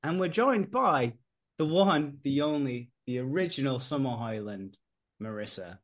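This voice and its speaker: A man's voice: mid-range voice, expressive, a little slow. A British man hosting a podcast in casual, playful chat. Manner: playful, laughing. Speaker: podcast host.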